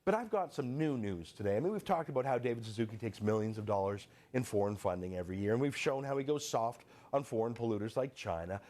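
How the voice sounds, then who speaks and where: A man's voice: mid-range voice, quick pace, few pauses, a little mellow. A man delivering sarcastic political commentary, full of rhetorical questions.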